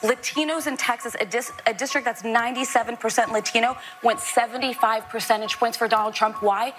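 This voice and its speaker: A woman on a talk panel, arguing quickly and pushing back on others. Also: on the high side, fairly even intonation, over music. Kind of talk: panel talk show debate.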